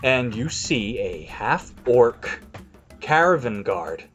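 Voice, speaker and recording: A man's voice: mid-range voice, big pitch swings, a bit bright, muffled recording, soft background music. A man narrating a tabletop game as game master, searching for words with many fillers. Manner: unhurried, lots of fillers.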